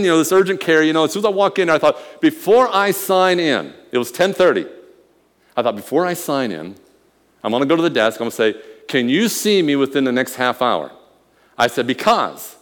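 A man preaching a sermon, telling a personal story with quiet murmurs and loud emphatic bursts. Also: a little high. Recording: long hall reverb.

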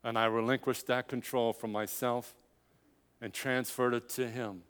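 A man's voice: mid-range voice, level tone, a little slow, fairly bright tone, clean tone, big-room sound. An older man preaching a sermon, telling a personal story with quoted dialogue and building to emphatic climaxes.

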